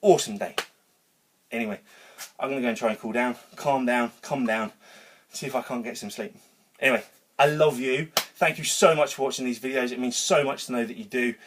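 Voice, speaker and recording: A man talking straight to camera in his garage gym, still worked up from a workout. His voice sits at an ordinary middle pitch. He rambles energetically through a motivational talk, swearing casually as he goes. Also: fairly even intonation, fairly quick, fairly bright tone, slight background noise. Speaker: vlogger.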